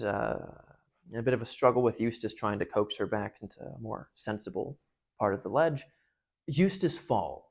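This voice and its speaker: A man's voice: mid-range voice, darkish tone. A man at a parish retelling a novel and reading from it aloud, in a chatty, joking way. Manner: chatty, jokey, many fillers. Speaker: parish speaker.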